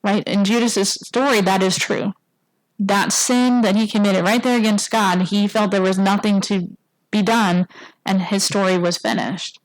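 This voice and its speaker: A woman's voice: mid-range voice, fairly even intonation, measured pace, dry recording, rough recording. Woman preaching in a dry, close sound. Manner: casual, asks the congregation "right?" often; acts out quoted lines in a livelier voice. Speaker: church speaker. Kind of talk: conversational sermon. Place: church sanctuary.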